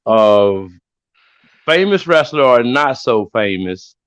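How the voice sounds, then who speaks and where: Slow, laid-back male podcast host. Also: mid-range voice, sing-song, fairly bright tone, smooth. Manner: slow, laid-back, asks questions to steer the talk. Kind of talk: casual wrestling chat.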